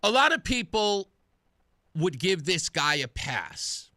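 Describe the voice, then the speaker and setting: Middle-aged male radio host, chatty storyteller, bright and animated, dry studio sound. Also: high-pitched, slow pace, no echo. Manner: chatty storyteller, laughs at himself. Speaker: radio talk show host. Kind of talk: casual radio monologue.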